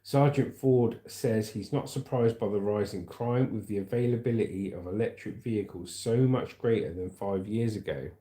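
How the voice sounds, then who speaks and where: A man's voice: lowish voice, normal speed, few pauses, mellow, roomy sound. A man with a southern English accent reading the news aloud on a livestream, with casual, chatty asides to viewers. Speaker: livestream host.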